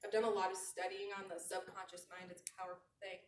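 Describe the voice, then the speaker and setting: A woman in her thirties giving an animated motivational sales talk to a live audience, slowly repeating her key phrases. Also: mid-range voice. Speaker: sales trainer. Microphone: handheld mic held away from mouth. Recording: roomy, distant handheld mic.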